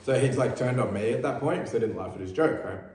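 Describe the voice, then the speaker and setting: A man's voice: mid-range voice, fast talker, a crowd in the background. A man hosting a casual chat, telling stories candidly and laughing at them, swearing freely. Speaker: podcast host and musician. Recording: echoey room with guitar.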